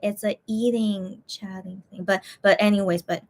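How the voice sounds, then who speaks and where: Woman streamer, casual eating chat, rambling, repeats herself, tired and full, mid-pitched voice. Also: normal speed. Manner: rambling, repeats words, lively swings in pitch.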